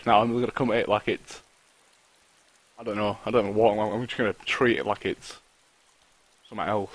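A man's voice: fairly low pitch, level tone, fairly quick, pauses often, no echo, poor audio. A man talking to himself while live-streaming a survival game, swearing often and griping at the game. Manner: swears a lot, talks to himself and the game, frustrated outbursts. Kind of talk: live gameplay commentary.

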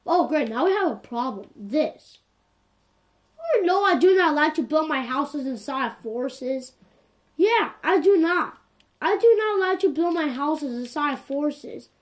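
A woman giving casual, animated commentary while playing a game. She sounds exasperated and keeps coming back to the same complaints. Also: high-pitched, measured pace. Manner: animated and exasperated, repeats "like, for real". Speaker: gameplay commentator.

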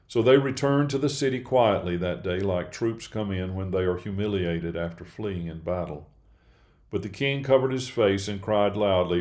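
A man reading a Bible passage aloud in a steady, measured way. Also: low-pitched. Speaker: scripture reader.

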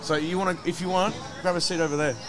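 A man's voice: high voice, steady tone, fast, background noise. A man hosting a casual stream chat, chatty and repeating his words. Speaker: stream host. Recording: music playing behind.

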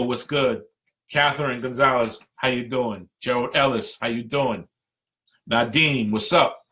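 A man's voice: medium pitch, a bit bright. A man giving a passionate, emphatic live-stream talk to union members as their representative.

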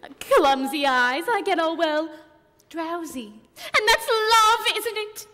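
An actress playing a worldly, tipsy chaperone in a stage musical, with a languid, theatrical drawl. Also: female voice, very high voice, animated, slow, bright, forceful tone, slight background noise, exaggerated voice. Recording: reverberant stage sound.

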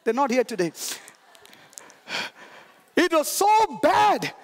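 A male pastor preaches with a very high, gravelly voice. He shouts his lines with emphatic energy and keeps calling on the congregation to answer him back. He sounds middle-aged, and he is speaking in a church. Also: sing-song, takes it slowly, in a large hall. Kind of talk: sermon. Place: church sanctuary.

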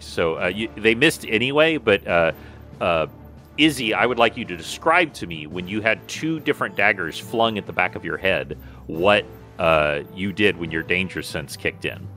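A low-voiced man runs a tabletop game, his tone bright and forward. He talks in a relaxed way with many fillers and restarts. Faint music plays behind him. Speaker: game master.

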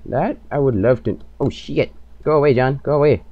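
A young man hosting his own gaming channel, giving playful, trash-talking commentary over his game and bursting into loud shrieks. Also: mid-range voice, normal speed, breathy edge, no echo. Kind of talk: let's play commentary.

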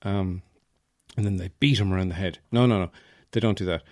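A low-voiced Irish man talks through a casual comic monologue, rambling and wry as he pokes fun at himself. The sound is dry and close, with no room around him. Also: racing, no echo. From Ireland, Offaly. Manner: rambling, wry, self-mocking. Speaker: podcast host.

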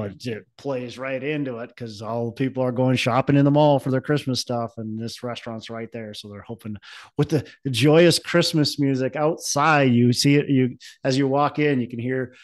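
A man's voice: mid-range voice, a little mellow, no room sound. A man hosting a podcast in casual chat, rambling and upbeat with plenty of fillers and restarts. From Minnesota. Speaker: podcast host.

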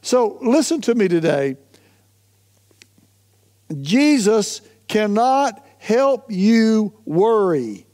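A male pastor delivers a sermon in a notably high voice. He is emphatic and insistent, drawing words out slowly when he lands a point, with small stumbles and restarts along the way. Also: sing-song, a little mellow. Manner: emphatic, repeats "listen to me", stretches key phrases slowly.

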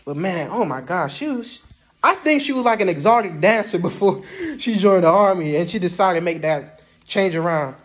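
A young man with a notably high-pitched voice tells a story to the camera in a relaxed, conversational way. His talk is loose and slangy, peppered with casual fillers like "man" and "bruh". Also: normal speed. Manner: slangy, laid-back, sprinkles "man" and "bruh". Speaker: vlogger recounting Army basic training.

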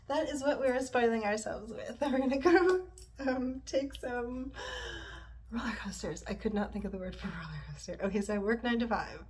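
A woman's voice: a little high, moderate pace, darkish tone, slight background noise. Rambling, confessional woman vlogging from her bed. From Montreal, Canada. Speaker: yoga and stretching vlogger. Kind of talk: casual personal vlog chat. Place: her bedroom, sitting on the bed.

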